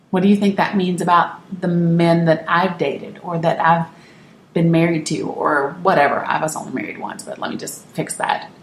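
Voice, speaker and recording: A woman's voice: on the low side, moderate pace, echoey room, slight background noise. A woman from Northeast Tennessee telling a personal family story to camera, candid and emphatic, often restarting her sentences. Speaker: vlogger.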